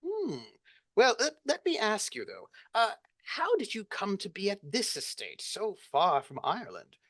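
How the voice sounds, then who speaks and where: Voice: medium pitch, wildly swooping pitch, a bit bright, dry recording, heavily acted. Facilitator playing a prying stuck-up aristocrat, voice swoops up and down. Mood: snobbish. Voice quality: prying, fussy, halting. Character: nosy snobbish aristocratic host. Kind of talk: tabletop role-play in character.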